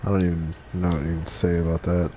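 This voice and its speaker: A man's voice: sits low, completely flat delivery, fast, mellow, slight background noise. A man giving playful let's play commentary, joking and talking to his pets while he games. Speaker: game streamer.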